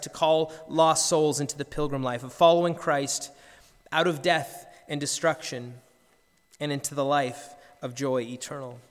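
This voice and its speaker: Brief: male pastor, fairly high voice, earnest sermon storytelling, long church reverb. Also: fairly bright tone. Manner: earnest storytelling with frequent word repeats. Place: church sanctuary.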